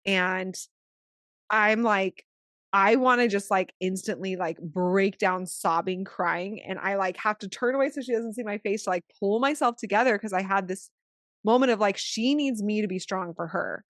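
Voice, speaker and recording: A new mother co-hosting a podcast tells a casual story, filling her speech with "like" and swinging animatedly between hushed tones and excited bursts. Her voice is an ordinary middle pitch at a moderate pace. The recording is dry and close, with no room echo.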